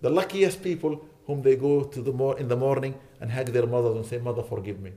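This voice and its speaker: A man's voice: medium pitch, steady tone, a little fast, dark tone. A man giving an earnest sermon, pleading with his listeners and rising to indignant emphasis. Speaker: imam.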